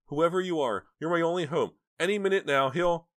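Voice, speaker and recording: A man's voice: on the high side, fairly quick, a bit bright, dry recording, studio quality, voice pushed up, natural voice. A man voicing a terrified woman who begs a stranger for help in a storybook reading. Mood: desperate. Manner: pleading, breathless and desperate.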